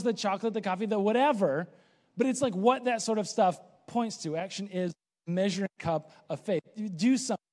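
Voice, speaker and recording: High-voiced pastor preaching in a reverberant hall. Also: male voice. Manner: animated, acts out voices of biblical characters. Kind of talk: sermon. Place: church stage. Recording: long reverb of a church hall.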